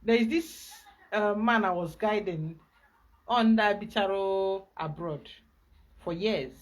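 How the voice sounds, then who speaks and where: A woman with a Nigerian accent, a spiritual guide giving an emphatic, animated teaching talk. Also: medium pitch, slow pace.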